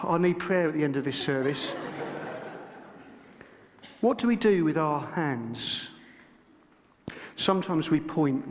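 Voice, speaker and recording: A middle-aged man, a lead minister, preaching a sermon and telling stories with humour, acting out the dialogue in them. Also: sits high. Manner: humorous storytelling, acting out dialogue. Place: church sanctuary. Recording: long church reverb.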